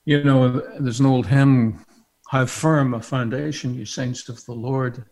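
A man preaching a sermon, animated and often laughing, building to fervent repetition. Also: mid-range voice, measured pace.

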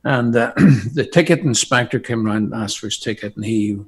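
An Irish man preaching a sermon, impassioned and emphatic, swinging from quiet asides to soaring outbursts. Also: medium pitch, normal speed.

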